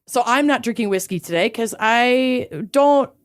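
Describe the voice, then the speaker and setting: A young adult woman co-hosting a podcast, casual, giggly and swearing, audibly high. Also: moderate pace, clean tone. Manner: giggly, swearing, loose and rambling. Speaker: podcast co-host. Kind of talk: casual chat.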